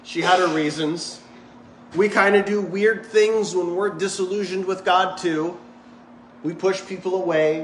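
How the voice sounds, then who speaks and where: Male pastor, slightly high voice, joking conversational sermon, echoey church hall, faint ambience. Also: steady tone, unhurried, fairly bright tone, a little hiss or hum. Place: church sanctuary.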